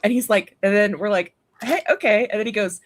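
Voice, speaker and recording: A woman chatting casually as co-host, telling animated stories and laughing often. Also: medium pitch, a little fast. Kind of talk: casual chat.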